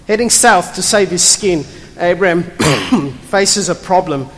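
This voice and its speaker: A pastor delivering a sermon with a lively, swooping delivery that rises and falls, chatty and blunt, often tossing rhetorical questions to the room. The voice carries through a large church hall with a long, lingering reverb. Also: mid-range voice, a little slow. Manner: animated, conversational, asks rhetorical questions; blunt and emphatic.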